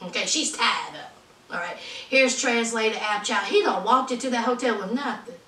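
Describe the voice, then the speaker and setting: Woman vlogger ranting about a reality show, bright voice, roomy sound a bit off mic. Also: fairly high pitch, moderate pace, distant mic. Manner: animated, emphatic ranting, calls viewers honey. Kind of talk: casual commentary vlog.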